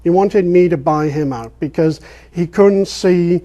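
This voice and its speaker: An older man from England with an English accent that keeps its R's, answering interview questions as a guest in a rambling storytelling way with many ums and pauses. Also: high-pitched, warm tone, highs cut off. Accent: English, pronouncing his R's. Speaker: guest, real estate investor.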